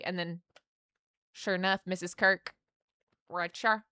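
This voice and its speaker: Bright, crisp-voiced woman streamer. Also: medium pitch, steady tone, normal speed, no room sound, clean studio sound. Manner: rambling, filler-heavy storytelling with restarts. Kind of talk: casual chat on a gaming stream.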